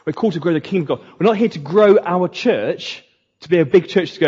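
A pastor preaches in a chatty, conversational way, slipping into mocking asides. His voice sits fairly high and a bit husky. The sound is dull and lo-fi, with a long echo from the church hall. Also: quick pace, a little mellow. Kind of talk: sermon.

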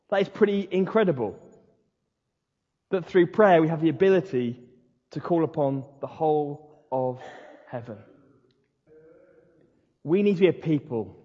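A pastor delivers a sermon with fiery, emphatic passion, leaning into dramatic pauses. His voice is high-pitched and a bit husky. The audio is dull and lo-fi, carrying the long reverb of a large hall.

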